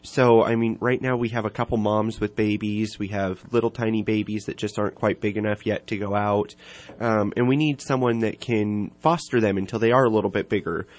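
A man's voice: lowish voice, steady tone, fairly quick. A man from an animal shelter, explaining a foster program in a friendly, informative way. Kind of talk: casual interview.

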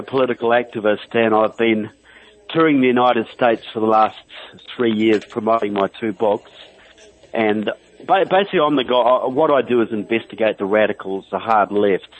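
A man's voice: mid-range voice, moderate pace. A man from New Zealand with a New Zealand accent, a guest author calling in to a political radio show, talking earnestly and stacking up long lists. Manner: earnest, emphatic, runs through long lists. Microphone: telephone. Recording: phone line.

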